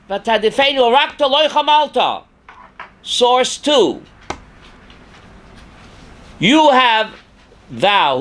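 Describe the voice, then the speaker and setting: An older man, a rabbi teaching a class, reads scripture aloud with dramatic force, sometimes shouting, and questions his students. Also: very high-pitched. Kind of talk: Torah class lecture.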